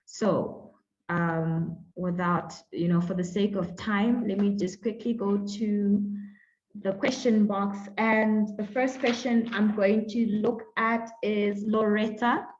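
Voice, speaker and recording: Chatty female webinar host on a dull, lo-fi video call line, mid-pitched. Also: steady tone, takes it slowly. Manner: chatty, many fillers, warm welcoming phrasing. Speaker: webinar moderator. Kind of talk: hosting an online panel Q&A.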